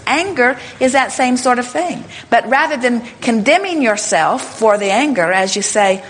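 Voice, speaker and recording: A woman speaking to a live workshop audience in a plain, mid-pitched voice. She explains with steady emphasis and often acts out short quoted lines. Her delivery is that of an experienced teacher fielding questions. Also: a little hiss or hum. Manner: emphatic and explanatory, often saying "in other words" and "you see".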